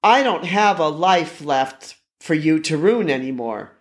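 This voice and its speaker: Man reading weary cartoon park ranger, plain voice, slightly high. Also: animated, a little slow.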